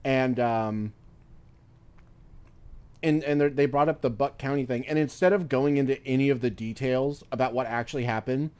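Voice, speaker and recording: A man's voice: medium pitch, steady tone, normal speed, darkish tone, smooth. A male streamer chatting casually while gaming, rambling through stories with free swearing. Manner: rambling, swears freely, loose storytelling.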